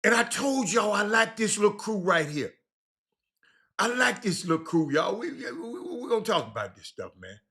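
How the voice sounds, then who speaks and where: A man with a drawl hosts a casual stream, and his fairly high, very bright voice rambles along informally. He circles back on himself, repeating words and dropping slang as he talks to viewers. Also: very animated, normal speed. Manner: repetitive, stop-start, informal slang. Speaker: livestream host.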